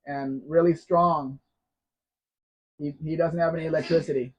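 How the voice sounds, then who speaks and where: An American man from the United States hosts a casual live Q&A, chatting and reading viewer comments out loud. His voice sits on the high side, his pace is moderate, and he pauses often. The recording sounds dull and lo-fi.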